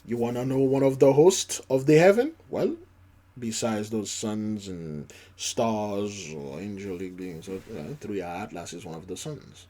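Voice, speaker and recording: A man's voice: lowish voice, a little slow, warm tone. A man preaching passionately, reading scripture aloud with frequent restarts. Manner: impassioned, reads scripture in archaic phrasing, frequent restarts.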